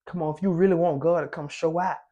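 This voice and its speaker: A man's voice: fairly high pitch, steady tone, fast talker, mellow, muffled recording. Fervent young man preaching devotionally. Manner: fervent, preacher-like, casual slang. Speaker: faith content creator. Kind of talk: impassioned devotional talk.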